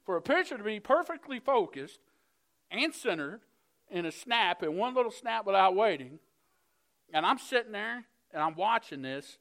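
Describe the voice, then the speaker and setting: Man, middle-aged, preacher, sermon storytelling, earnest, bright tone. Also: high voice, sing-song, moderate pace. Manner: storytelling, earnest, builds from hushed to fired up.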